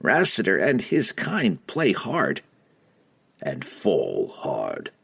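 A man voicing a cold, grim male assassin who speaks slowly and quietly, in an audiobook reading. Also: low-pitched, wildly swooping pitch, creaky, husky, exaggerated voice. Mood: cold, menacing.

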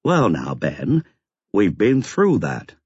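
A man voicing a calm, earnest and stiffly formal man in an audiobook, measured and precise, on a slightly dull lo-fi recording. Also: on the low side, breathy edge, no room sound, exaggerated voice. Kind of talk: audiobook character voice.

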